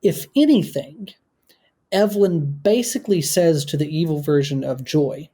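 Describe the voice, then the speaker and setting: Mellow, husky-voiced man analyzing a film. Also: on the high side. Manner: articulate, analytical, measured. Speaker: guest film critic and author. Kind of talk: podcast film discussion.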